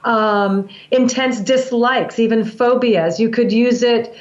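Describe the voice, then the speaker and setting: On an interview show, a breath work practitioner describes her practice in an earnest, instructive way, often starting her sentences over. Her voice is on the high side and slow-paced, and the recording sounds roomy, dull, and lo-fi.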